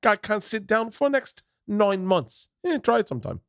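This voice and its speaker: A man's voice: high-pitched, sing-song, normal speed, creaky, background noise, voice pushed up, full character voice. A man putting on a British accent to play a cocky British man who brags about his gangster father. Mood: boastful. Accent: put-on British.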